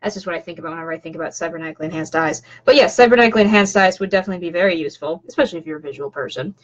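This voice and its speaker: A woman's voice: fairly low pitch, very fast. Woman streamer, casual and rambly, chatting from home over a slightly dull webcam mic. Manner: rambling, many fillers and restarts, chatty asides. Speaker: vlogger doing a live stream. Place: home room.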